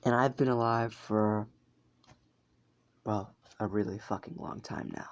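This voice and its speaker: Man reading a blunt young man, low and gravelly, calm and matter-of-fact. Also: unhurried, dull audio, a little hiss or hum.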